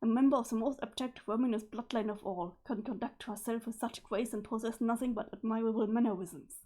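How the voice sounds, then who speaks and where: A woman's voice: fairly high pitch, steady tone, a little fast, dark tone, close to an everyday voice. A woman voicing a stiff, sweaty, formal male alien troll, in a pompous and stilted manner.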